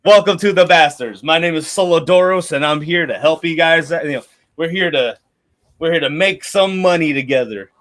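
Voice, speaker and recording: A man's voice: fairly high pitch, normal speed, fairly bright tone, natural voice. A man voicing a brash middle-aged mercenary leader who swaggers and talks crude. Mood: boisterous.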